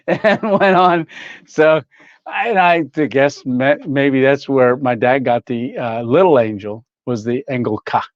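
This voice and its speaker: A man's voice: mid-range voice, animated, takes it slowly, no room sound, muffled recording. An older man hosting a casual livestream, rambling through stories, reading chat aloud and laughing often. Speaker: livestream host.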